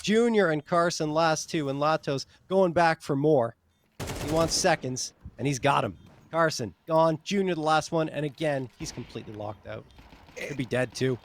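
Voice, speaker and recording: A man calling live esports play-by-play, quick and excitable, rising sharply at big plays. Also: a little high, a little hiss or hum.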